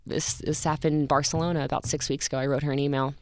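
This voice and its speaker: A woman in her thirties, a podcast guest telling a personal story in an earnest, halting way with many restarts. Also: low-pitched, level tone, a little mellow, no echo. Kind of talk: emotional interview storytelling.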